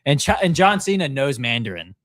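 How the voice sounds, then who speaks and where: A man's voice: mid-range voice, sing-song, a little fast, fairly bright tone, dry recording. Amused man explaining, dry mic. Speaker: talk show co-host. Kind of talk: casual storytelling chat.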